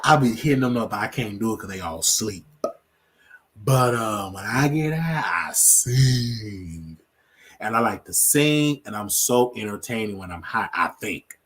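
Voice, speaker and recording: A man's voice: lowish voice, fairly bright tone, husky. A man hosting his own show, chatting casually and rambling on a livestream, laughing often. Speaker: show host.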